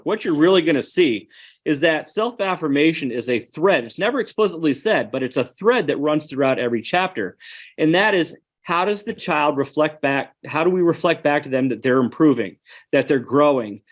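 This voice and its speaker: A man giving an online webinar presentation, earnest and conversational, speaking straight to his audience. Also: a little high.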